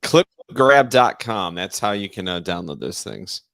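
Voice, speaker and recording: A man chiming in on a casual online panel with relaxed, offhand remarks. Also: on the low side, unhurried, vocal fry, dry recording.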